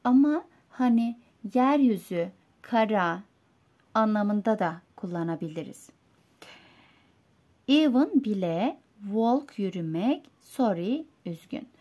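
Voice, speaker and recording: A woman with a Turkish accent teaching English vocabulary and reading a simple story aloud, slow and clear, going word by word. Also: medium pitch, expressive, warm tone. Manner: slow, clear, explaining words one by one.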